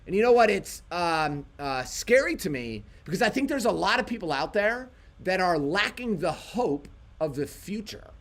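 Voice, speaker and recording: Lively high-voiced man telling a story. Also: normal speed. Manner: animated storytelling, quotes himself. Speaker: livestream co-host. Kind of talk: casual livestream chat.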